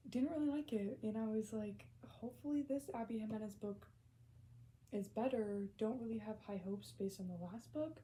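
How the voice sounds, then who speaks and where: A young woman vlogging about books she has read, gushing and excitable, repeating herself and often dropping into whispers. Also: medium pitch, a little hiss or hum, poor audio. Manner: lots of repetition and swearing. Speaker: book vlogger. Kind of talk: casual reading vlog.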